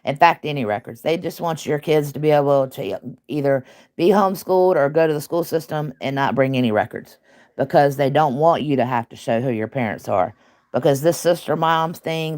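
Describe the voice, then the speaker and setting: A woman's voice: extremely low pitch, darkish tone. Blunt woman commentator. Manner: emphatic, blunt, talkative, with laughs. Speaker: online commentary host. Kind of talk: casual commentary talk.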